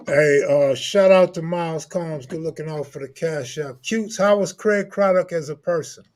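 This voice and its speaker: A man hosting a live stream interview, laid-back and reading out viewer shout-outs. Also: fairly high pitch, moderate pace. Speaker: host.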